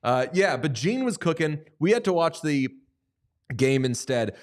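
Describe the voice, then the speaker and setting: A man's voice: on the high side, sing-song. Man riffing on hockey, jokey. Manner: jokey, quick asides and mock quotes. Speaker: podcast co-host. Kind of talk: casual hockey chat.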